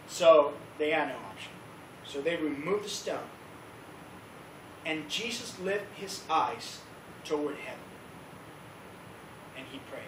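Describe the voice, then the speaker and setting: A man with a fairly high voice tells a story to a church youth group in a loose, lively way and slips into excited voices for the crowd. He sounds far from the mic in an echoey room, with a faint hiss behind him. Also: normal speed, long pauses. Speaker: youth leader. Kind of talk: casual youth-group teaching. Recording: roomy, distant recording with faint background noise.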